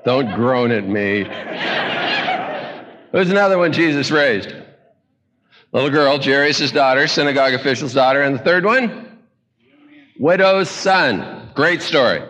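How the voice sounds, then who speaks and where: A man preaching a folksy, joking sermon, telling stories in an animated way. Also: mid-range voice, a little slow, pauses often, lo-fi sound. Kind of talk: comedic sermon. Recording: echoey hall.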